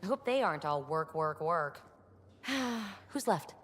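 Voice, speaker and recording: An actress playing a curious young woman scientist in a game, talking in a lively, wry, inquisitive way. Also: lowish voice, takes it slowly, in a large hall, slight background noise.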